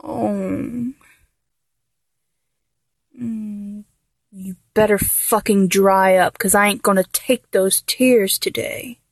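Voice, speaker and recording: A woman's voice: mid-range voice, steady tone, a little slow, hardly any pauses, dry recording. A young woman in a dominant audio role-play, taunting and mocking her listener with frequent laughter and drops into a whisper.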